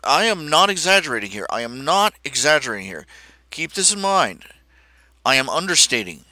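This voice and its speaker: A man's voice: medium pitch, no room sound. A man hosting a livestream, telling rambling casual stories full of restarts and asides. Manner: chatty, self-interrupting, animated anecdotes with restarts. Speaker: livestream host.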